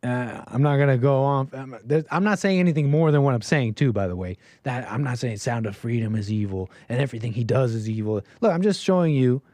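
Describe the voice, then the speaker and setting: A man hosting a livestream, ranting in commentary style with animated bursts and lots of restarts. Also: medium pitch, no echo. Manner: animated, rapid restarts, sudden loud bursts. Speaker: livestream host.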